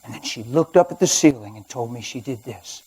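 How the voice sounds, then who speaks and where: A man preaching a sermon, telling his own story and swinging from hushed to loud. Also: medium pitch, expressive, brisk, slightly rough, poor audio. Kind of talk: sermon testimony. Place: church or studio.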